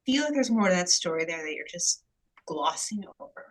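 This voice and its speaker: A woman's voice: lowish voice, animated, quick pace, rough recording. A woman playing a tabletop role-playing game, speaking in a fussy, polite and insistent way. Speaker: player. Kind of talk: in-character tabletop role-play.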